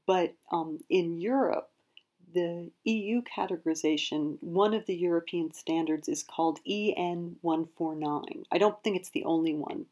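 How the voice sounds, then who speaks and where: A woman's voice: fairly low pitch, a little mellow. A woman hosting an explanatory video lesson, speaking carefully and correcting herself as she goes. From United States. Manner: careful, self-correcting, hedges with "I believe". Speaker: prepping channel host.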